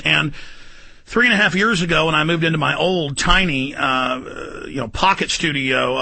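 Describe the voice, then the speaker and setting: A man hosting a talk radio interview in a studio, rambling and forceful with many fillers. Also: a little high, gravelly, breathy edge. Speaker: radio host.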